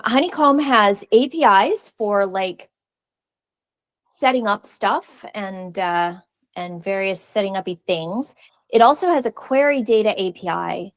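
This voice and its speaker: A woman's voice: medium pitch, dry recording. Chatty woman giving a tech talk. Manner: casual, chatty, frequent fillers and restarts. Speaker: conference speaker. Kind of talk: technical presentation. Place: meeting room.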